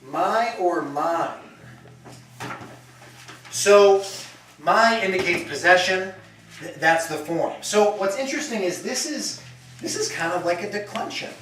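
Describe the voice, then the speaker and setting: A man teaching a class, talking slowly and chattily and acting out little example sentences. His voice sits a bit high for a man. He is recorded from across an echoey classroom with some faint room noise. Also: lively intonation, fairly bright tone. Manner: chatty, explains with acted examples. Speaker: language teacher. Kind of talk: classroom lecture. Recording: echoey classroom, mic far off.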